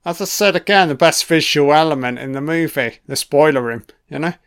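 Sweary film commentator. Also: male voice, a little high, brisk, a bit bright, clear, resonant tone. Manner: profane, sardonic running reactions. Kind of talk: casual audio commentary.

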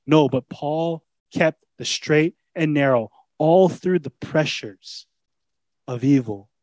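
A man's voice: fairly high pitch, slow pace, a little mellow, dry recording. Earnest preaching man, dry close sound. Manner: earnest, emphatic, conversational preaching. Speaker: pastor. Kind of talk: sermon.

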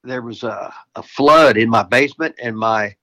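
A man's voice: medium pitch, normal speed, creaky, bright, forceful tone. An older American man, a retired wrestler, telling rowdy stories as a guest, swearing constantly and laughing mid-sentence. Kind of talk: profane casual storytelling.

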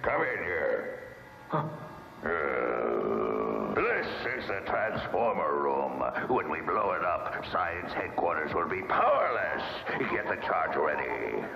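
An actor dubbing a gruff male villain henchman who barks orders in an old martial arts film. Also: a bass voice, huge pitch swings, slow pace, full character voice. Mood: commanding. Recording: dull lo-fi film audio, roomy.

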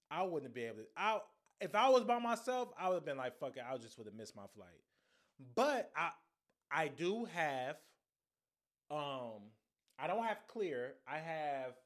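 A young man hosting a solo podcast, telling an embarrassing story in a casual, profane, slangy way. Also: on the high side. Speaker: podcast host.

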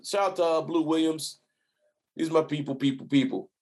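A man hosting a casual interview, with a voice a touch high for a man. He talks in an effusive, hyped-up way. He gives shout-outs and repeats his words as he builds up his questions. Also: steady tone, moderate pace. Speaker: host.

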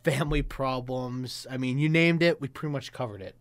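A man's voice: medium pitch, steady tone, brisk, crowd noise. A man hosting a podcast in loose, joking casual chat, laughing often. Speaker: podcast host.

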